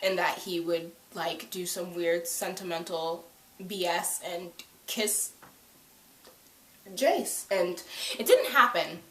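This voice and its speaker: Gushing, excitable young woman vlogging. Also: on the low side, takes it slowly, long pauses, breathy edge. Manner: gushing, excitable, heavy use of "like". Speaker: video reviewer. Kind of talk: casual vlog recap. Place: at home by a couch.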